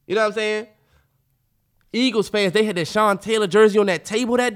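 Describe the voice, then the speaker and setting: A man co-hosting a casual sports podcast, loud and trash-talking, swearing a lot. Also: sits high, fairly quick, long pauses, smooth. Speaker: podcast co-host.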